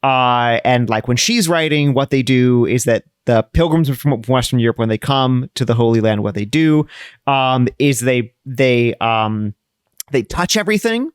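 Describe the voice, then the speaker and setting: Smooth-voiced thoughtful male podcast host. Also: medium pitch, animated, a little slow, no echo, clean studio sound. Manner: thoughtful, hesitant with many fillers. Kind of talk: conversational podcast talk.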